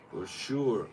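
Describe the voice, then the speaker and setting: A man with a Serbo-Croatian accent chatting casually on a livestream, rambling, swearing and laughing often, recorded on a tablet's built-in mic. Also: background noise. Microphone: tablet device mic.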